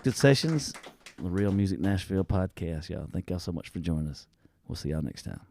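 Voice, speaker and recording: A man's voice: low-pitched, sing-song, brisk, vocal fry, no room sound. A man, a podcast host effusively wrapping up a live show. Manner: warm, effusive sign-off, Southern "y'all". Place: live music venue.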